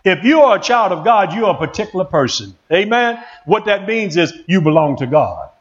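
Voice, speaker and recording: A male pastor preaching a sermon in an excitable call-and-response manner, in a church. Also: sits high, fairly quick, dull audio.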